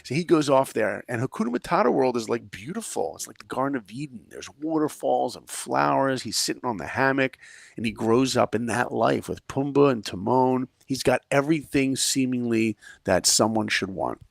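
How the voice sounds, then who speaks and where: A middle-aged man telling a story in a podcast conversation, energetic and acting out quoted lines with big shifts in pitch and loudness. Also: normal speed, creaky, dry recording. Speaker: podcast guest, filmmaker and speaker.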